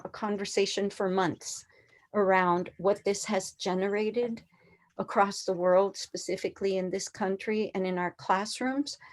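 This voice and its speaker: Female presenter, 60s, non-native English speaker, earnest and emphatic conference talk, mid-range voice. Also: mid-range voice. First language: a language other than English. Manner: earnest, emphatic, poses rhetorical questions. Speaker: educator presenting a conference session.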